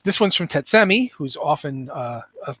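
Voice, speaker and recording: A man hosting a casual podcast, talking in an animated, rambling way with many restarts. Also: a little high, moderate pace, no room sound. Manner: animated, rambling, self-interrupting. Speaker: podcast host.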